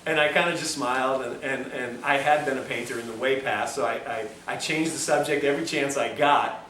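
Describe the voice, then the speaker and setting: A man's voice: mid-range voice, brisk, a bit bright, a little hiss or hum. A man giving a lecture at a health institute, telling a story in a chatty, joking way full of self-mocking asides. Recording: echoey room, distant mic, faint ambience.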